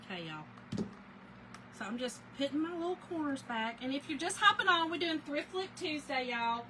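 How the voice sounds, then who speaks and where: A woman's voice: high-pitched, expressive, moderate pace, sharp tone, a little hiss or hum, rough recording. A woman with a Southern US accent, chatting casually on a live stream as she crafts and greets viewers by name. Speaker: livestream crafter.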